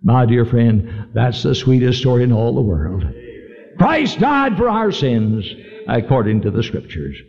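A man's voice: medium pitch, sing-song, measured pace. A man preaching a sermon, telling a story earnestly and then leading a heartfelt altar call. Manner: earnest, fervent storytelling, pleading invitations. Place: large church meeting hall. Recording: lo-fi live recording in a large hall.

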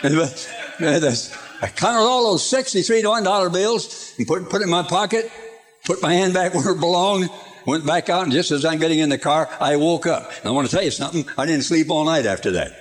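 A man's voice: fairly high pitch, expressive, brisk. An older man preaching a sermon in a folksy storytelling way, chuckling through his anecdotes, from an archive recording.

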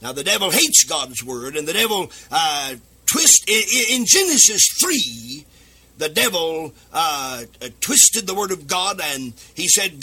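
A man delivers a radio sermon, high-pitched and piercingly bright. His husky voice swoops and climbs, breaking into sing-song cadences and shouted lines. He preaches straight into the microphone. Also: sing-song, a little slow. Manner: fervent, rising to shouts and sing-song emphasis. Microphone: speaking into a microphone.

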